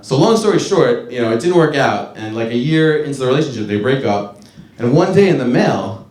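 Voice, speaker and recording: A man in his thirties doing a stand-up comedy set on a club stage, talking in a loose, rambling, profane way and shouting his punchlines. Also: mid-range voice, animated, fairly quick. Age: 30s. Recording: roomy club with crowd laughter. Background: laughing audience.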